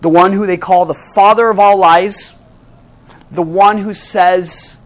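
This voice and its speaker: A preacher delivering a sermon, asking rhetorical questions and slowing down to press key phrases. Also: medium pitch, fairly even intonation. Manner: dramatic, with sudden drops to hushed emphasis and slowed key phrases; asks the audience rhetorical questions.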